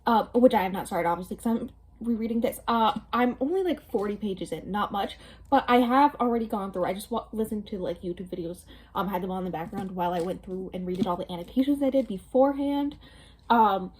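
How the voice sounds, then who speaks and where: Her voice is husky and darkish, medium in pitch, and fairly quick. She's a woman in her twenties doing a book vlog at home, chatting to the camera in front of her in a rambling way with many fillers and light laughs.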